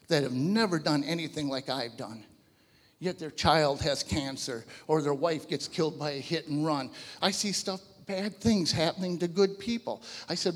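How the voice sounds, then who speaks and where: A man in his fifties giving a personal testimony to a church audience, telling his story in an animated, conversational way. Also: fairly high pitch, big-room sound. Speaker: guest speaker giving a testimony. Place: large church hall before a live audience.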